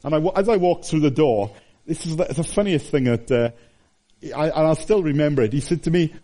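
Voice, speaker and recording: A man in his fifties, from Wales, preaching a conversational sermon that swings between high exclamations and hushed asides. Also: animated, a little fast. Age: 50s.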